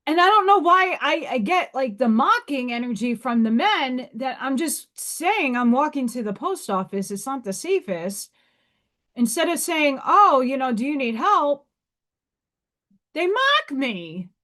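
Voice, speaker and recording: Candid woman with a lively, high voice. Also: a little slow. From New York. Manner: candid, emphatic, frank. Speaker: livestream host. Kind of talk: casual livestream chat.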